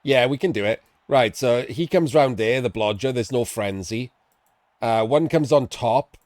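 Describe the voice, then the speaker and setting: A man commentates a live video game tournament match in an excitable, chatty way, quick to laugh and to swear offhandedly. His voice sits at an ordinary middle pitch. The sound is close and dry. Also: dry recording. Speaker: esports commentator.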